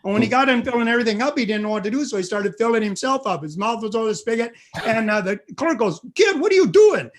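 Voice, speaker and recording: A middle-aged man telling a funny family story on stage, animated and acting out the voices. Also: sits high, rapid-fire, few pauses, a little hiss or hum. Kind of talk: live comic storytelling.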